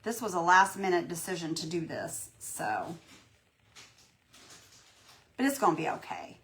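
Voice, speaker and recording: A folksy woman chats through a live painting demo, warm with her viewers and talking herself through every brushstroke. Her voice sits fairly low and has a gravelly, fried edge. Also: big pitch swings, a little slow, pauses often. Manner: chatty, folksy, greets viewers by name, self-reassuring. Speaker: craft livestream host. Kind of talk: casual live painting tutorial.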